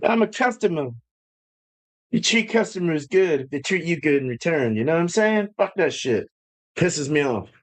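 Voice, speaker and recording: A man's voice: a little high, animated, moderate pace. A man hosting a live stream from his home brewing setup, ranting in a loose, joking, profane way. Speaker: livestream host. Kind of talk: casual live-stream rant.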